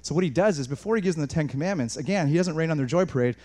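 A man preaching a sermon in an animated way, moving between quiet asides and raised, emphatic passages, with frequent restarts. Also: a little high, very fast. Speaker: pastor.

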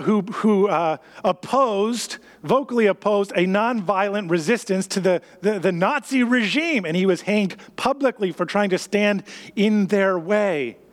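A man preaching a sermon in an earnest way, reading scripture aloud, with some restarts. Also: high-pitched. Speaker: pastor.

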